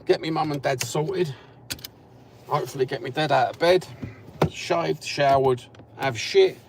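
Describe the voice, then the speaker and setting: A man's voice: on the high side, a little slow, vocal fry. A middle-aged man with a Cockney East London accent, rambling bluntly and swearing while he chats and drives. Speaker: vlogger. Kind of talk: casual chat while driving. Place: inside a car. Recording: car noise behind the voice.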